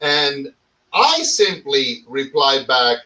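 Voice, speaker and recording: A man hosting a podcast in casual, profane chat, animated and mock-dramatic, swearing freely. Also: medium pitch, takes it slowly, recorded from a distance, low-quality recording. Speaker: podcast host.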